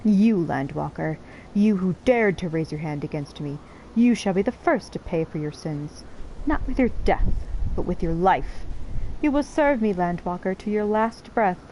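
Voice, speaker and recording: A woman's voice: fairly low pitch, animated, normal speed, warm tone, poor audio. A woman reading aloud as a wrathful female wind primal goddess in a video game, grandiose and menacing. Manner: grandiose, menacing, theatrical declaiming.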